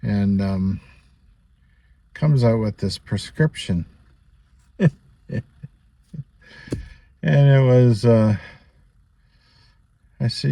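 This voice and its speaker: A vlogger tells a personal story to camera in a very slow, warm, mid-range voice with vocal fry and long pauses, recorded dry. He rambles and chats, full of asides, small laughs and plenty of "you know."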